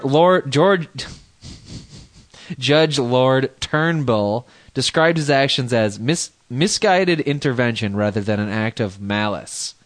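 American dude co-hosting a podcast, reads out listener mail all dramatic, laughs a bunch, middling pitch. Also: male voice. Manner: laughs often, reads emails aloud with mock emphasis. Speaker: podcast co-host. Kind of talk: casual chat, reading listener mail.

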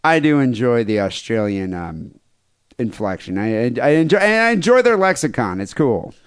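A man's voice: mid-range voice, big pitch swings, moderate pace, clear, resonant tone, no echo, studio quality. A man co-hosting a crude comedy podcast, joking and often restarting his sentences. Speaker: podcast co-host. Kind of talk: casual comedy chat.

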